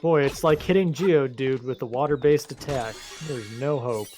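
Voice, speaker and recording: A man's voice: medium pitch, normal speed, darkish tone, faint music behind. A man co-hosting a let's-play, chatting casually and wryly, telling rambling stories with restarts as he goes. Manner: wry, rambling storyteller with frequent restarts. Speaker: co-host playing a video game. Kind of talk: casual gameplay chat.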